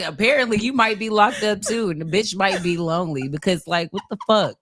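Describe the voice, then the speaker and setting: A woman's voice: medium pitch, brisk, hardly any pauses, background noise. A woman co-hosting a podcast, brash and profane, mocking in casual chat. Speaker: podcast co-host.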